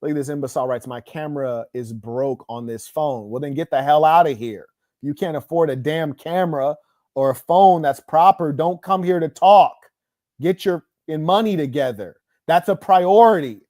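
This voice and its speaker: A man's voice: on the high side, normal speed, warm tone, dry recording, studio quality. A man hosting an online livestream, delivering a combative monologue in a boastful, scornful, preachy way. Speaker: online show host.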